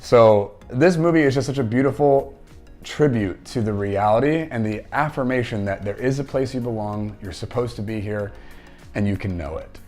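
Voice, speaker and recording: Over faint background music, a man with a medium-pitched, darkish voice talks at a moderate pace. He hosts a casual movie commentary, chatting enthusiastically and conversationally as he retells scenes in his own words, quoting dialogue along the way.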